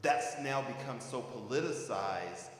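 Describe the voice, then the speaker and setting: A man's voice: medium pitch, expressive, measured pace, slight background noise. A man from Kentucky with a Kentucky accent, speaking earnestly on a discussion panel and telling stories with wry asides. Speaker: university administrator. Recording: echoey hall with long reverb.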